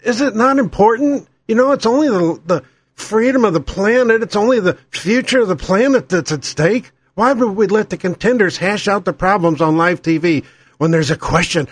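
A middle-aged man rants about politics with raw, profane sarcasm, his voice sitting fairly high for a man. The sound is dry and close, with no room around it. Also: expressive, moderate pace, slightly rough, no room sound. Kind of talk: ranting political monologue.

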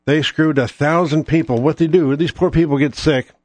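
A man's voice: fairly high pitch, steady tone, moderate pace, a little mellow, no echo. A man hosting his own show alone, ranting in a profane, sarcastic, rambling way. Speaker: podcast host. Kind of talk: ranting solo monologue.

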